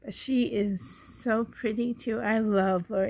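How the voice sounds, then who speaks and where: A woman giving a casual show-and-tell vlog at home, speaking gently and fondly with frequent pauses and a slightly hoarse throat. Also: a little high, steady tone. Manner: gentle, pausing often, fond and chatty. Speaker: doll collector vlogger.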